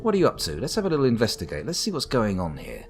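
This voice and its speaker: A man's voice: mid-range voice, huge pitch swings, very fast, darkish tone. A man from the UK giving wry, rambling live commentary on a game while chatting to viewers. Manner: wry, rambling, talks to chat. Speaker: streamer. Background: faint background music.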